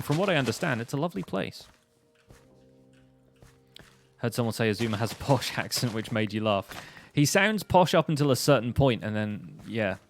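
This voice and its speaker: A man chatting casually on a game stream, rambling and laughing often. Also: lowish voice. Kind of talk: casual chat.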